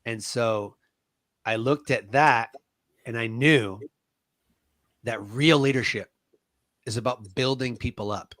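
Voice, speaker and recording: A man's voice: medium pitch, takes it slowly, long pauses, fairly bright tone, no echo. A middle-aged man who served in the military tells his stories in an interview. He leans into every anecdote and acts out the voices of the people in it. The recording is dry and close, with no room sound. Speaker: veteran guest. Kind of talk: personal storytelling in an interview.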